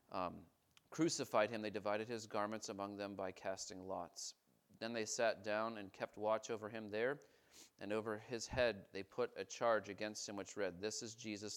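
Preaching pastor, emphatic then hushed. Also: male voice, on the low side, smooth. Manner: reads scripture aloud and breaks off to comment, swinging from emphatic to hushed. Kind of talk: sermon.

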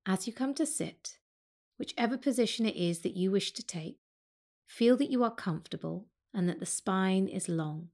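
A woman teaching yoga, speaking slowly and calmly as she guides a breath meditation. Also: mid-range voice. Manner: slow, calm and soothing.

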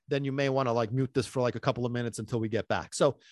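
A man's voice: medium pitch, steady tone, very fast, darkish tone, dry recording, clean studio sound. A man hosting a dog-training podcast in a casual, chatty monologue, full of rhetorical questions and asides.

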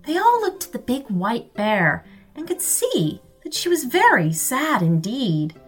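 Storybook narrator, woman, slow, animated, music faint under. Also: a little high, husky. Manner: expressive and lively. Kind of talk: children's story reading.

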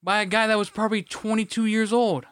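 A man's voice: sits high, fairly even intonation, fast, fairly bright tone, clear, resonant tone, dry recording, clean studio sound. A man co-hosting a podcast, telling stories in a profane, ranting way. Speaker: podcast co-host. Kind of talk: casual chat.

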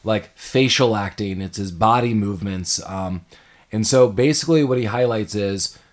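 A man's voice: fairly low pitch, moderate pace. A man and parent, casually chatting about a film as co-host, laughing often and loosely paraphrasing scenes. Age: adult parent. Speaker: podcast co-host.

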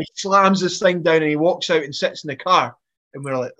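A podcast guest tells funny stories in a casual, animated way, laughing as he talks and often restarting his sentences. His voice is a little high and his pace brisk.

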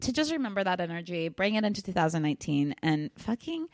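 A woman's voice: lowish voice, very animated, fast talker, no echo. A woman guest on a podcast, telling stories animatedly, acting out quotes and swearing casually.

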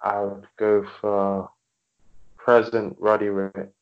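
A man with an English accent, a rapper guest in casual chat, relaxed and hesitant, laughing easily. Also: lowish voice, slow, smooth, dull audio. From England.

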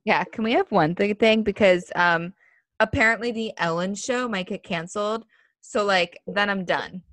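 A woman's voice: medium pitch, normal speed, a bit bright, dry recording. A young woman in her twenties co-hosting a casual podcast, chatty and opinionated, full of "like" fillers. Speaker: podcast co-host. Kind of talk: casual chat.

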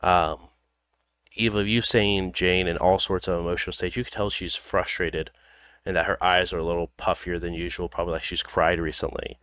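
Game master, male, low smooth voice, unhurried narration full of ums. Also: little pitch movement, fairly bright tone, no room sound. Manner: loose, filler-heavy narration with frequent ums. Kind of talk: narrating a tabletop role-playing game.

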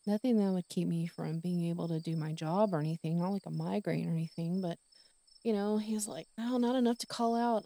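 Gravelly-voiced woman rambling candidly. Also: lowish voice, mellow. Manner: rambling, candid, with many fillers and quoted dialogue. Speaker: podcast host. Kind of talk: casual personal monologue.

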